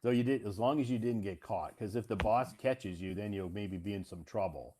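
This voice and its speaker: A man's voice: lowish voice, a little fast, warm tone. A man hosting a casual English conversation lesson, encouraging the learner and rephrasing her answers. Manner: encouraging, rephrases and corrects the student. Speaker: English teacher, host.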